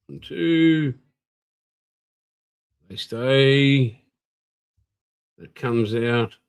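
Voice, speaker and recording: On a rough recording, a worn-out older Australian man runs a casual livestream, saying hello to viewers and rambling in a mid-range, slightly bright voice.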